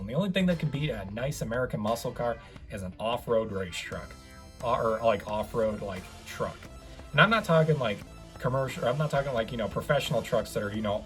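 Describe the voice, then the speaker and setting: A young man talks through a toy car review in a loose, rambling way. He keeps drifting into asides and pokes fun at himself. His voice sits at an ordinary middle pitch, with faint music underneath. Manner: chatty, rambling, self-mocking asides. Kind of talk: casual unboxing review.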